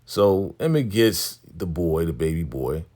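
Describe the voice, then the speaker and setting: A man's voice: low voice, lively intonation, a little slow, dark tone. A man casually recapping a TV episode, retelling scenes in a loose, conversational way and paraphrasing what the characters say. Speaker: TV recap vlogger.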